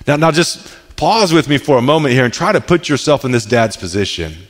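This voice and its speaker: A man's voice: medium pitch, expressive, a little fast. A man in his thirties preaching a casual, conversational sermon, often repeating words as he restarts his sentences. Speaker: pastor. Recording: echoey hall.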